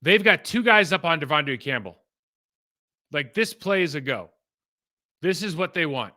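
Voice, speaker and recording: Bright, animated male football film analyst. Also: on the high side, normal speed. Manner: animated, rambling, frequent restarts and asides. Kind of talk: casual film breakdown commentary.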